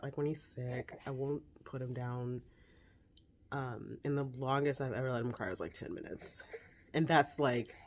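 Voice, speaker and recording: A woman's voice: a bass voice, darkish tone. Candid mom in her forties, chatting casually. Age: 40s. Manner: chatty, candid, tender baby-talk asides. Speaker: mom vlogger. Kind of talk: casual vlog chat. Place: home, seated with her baby.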